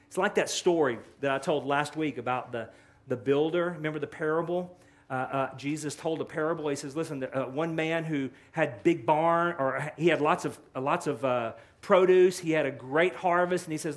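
A male pastor preaching an animated sermon, acting out quotes with rising and falling emphasis. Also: a little high, normal speed.

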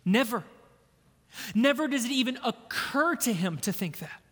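A man preaching a sermon as a pastor, earnest, moving between hushed passages and emphatic lines. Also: very high-pitched, animated, moderate pace. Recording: long hall reverb.

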